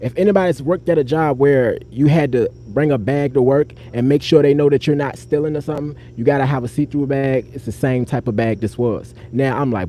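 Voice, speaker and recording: Slangy man with a mellow, dark voice. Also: a little fast, few pauses. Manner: loose, slangy, talks straight to the chat and breaks off the story; acts out other people's voices with sharp jumps up in pitch. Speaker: storyteller and streamer. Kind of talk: live-streamed personal storytelling.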